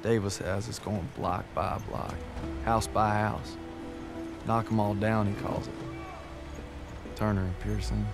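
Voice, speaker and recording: A tired young soldier, low gravelly voice, soft delivery, music under it. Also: male voice, level tone, unhurried, long pauses. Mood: weary. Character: weary young male soldier writing home. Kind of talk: video game voice acting, narration.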